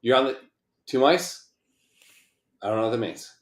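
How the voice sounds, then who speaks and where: In an echoey room, a man co-hosting a podcast chats casually at medium pitch and moderate pace, joking around, wandering off topic and cursing freely.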